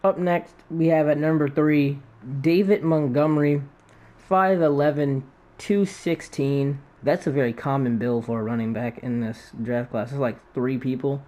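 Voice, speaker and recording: A man's voice: mid-range voice, steady tone, a little slow, mellow. A young man talking casually to camera, ranking football players with lots of fillers and restarts. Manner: rambling, self-correcting, filler-heavy. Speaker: sports video creator. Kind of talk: casual football draft breakdown.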